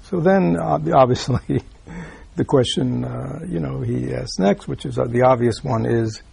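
A man giving a Buddhist dharma talk, reading out a teaching and explaining it. He often checks in with listeners by asking "right?", repeats himself, and drops into soft asides. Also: medium pitch, a little slow, vocal fry, husky. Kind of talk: dharma talk explaining a read-aloud text.

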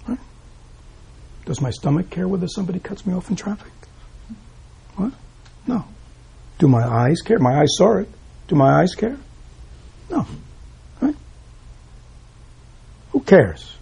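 Very gravelly, husky-voiced Buddhist teacher. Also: male voice, sits high, big pitch swings, unhurried, long pauses, warm tone. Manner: rhetorical questions, frequent "right?", chuckles. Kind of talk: dharma talk.

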